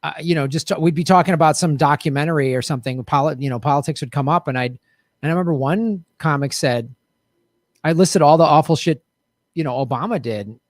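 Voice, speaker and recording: A man's voice: a little high, fairly quick, dry recording, studio quality. A man hosting a podcast, talking in an emphatic, indignant casual chat. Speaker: podcast host.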